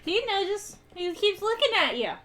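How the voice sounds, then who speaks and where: A woman's voice: very high-pitched, big pitch swings, moderate pace, fairly bright tone, a little hiss or hum. A woman playing a tabletop game, hesitant and thinking aloud about her rolls. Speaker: player.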